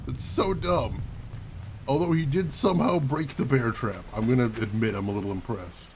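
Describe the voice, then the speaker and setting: A man's voice: medium pitch, moderate pace, music in the background. A man hosting a let's play, giving wry, joking running commentary as he plays. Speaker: gaming channel host.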